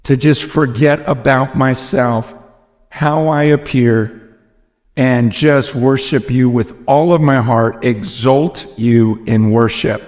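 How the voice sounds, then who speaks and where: A man's voice: mid-range voice, fairly even intonation, takes it slowly, a little mellow. An American man preaching a sermon, earnest and emphatic, often repeating phrases, recorded in a large church hall. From United States. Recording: long reverb from a large hall.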